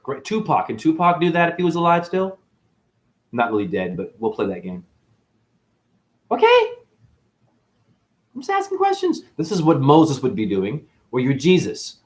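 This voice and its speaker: A man giving a preachy, boastful spiritual monologue to camera, breaking into sudden loud outbursts. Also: a little high. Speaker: self-styled spiritual teacher.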